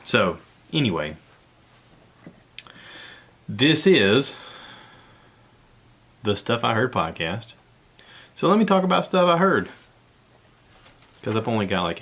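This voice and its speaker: A man's voice: low-pitched, a bit bright. A man, hosting a casual solo podcast from home in a rambling, easygoing way with frequent chuckles. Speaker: podcast host.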